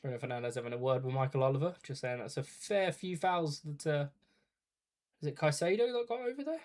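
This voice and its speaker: A man's voice: on the high side, expressive, a little fast, a little mellow. Chatty man calling a live match. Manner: chatty play-by-play with asides to chat. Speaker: watch-party streamer.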